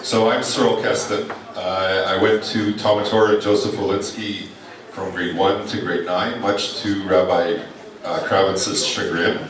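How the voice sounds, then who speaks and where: Deep-ish male speaker, dry self-deprecating humor, recorded from afar in a roomy hall with an audience. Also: level tone, unhurried. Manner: wry, self-mocking. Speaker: reunion speaker sharing memories. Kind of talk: humorous reminiscing speech. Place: large echoey hall at a reunion. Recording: echoey hall, distant mic, crowd.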